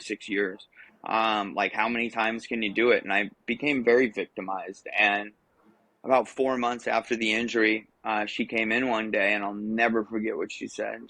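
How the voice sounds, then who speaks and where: A man's voice: lowish voice, fairly bright tone, no room sound, poor audio. A man in his thirties, a podcast guest, telling his life story casually with many ums and restarts.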